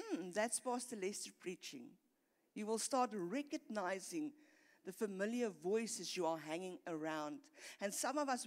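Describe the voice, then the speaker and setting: A middle-aged woman pastor, preaching an earnest sermon that builds in intensity and often repeats words. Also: medium pitch. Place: church hall. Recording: long reverb of a church hall.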